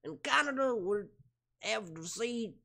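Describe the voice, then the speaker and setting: A man putting on a halting, sing-song impression of a preachy older comedian. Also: high-pitched, expressive, vocal fry, pushed and bright, voice pushed up, exaggerated voice.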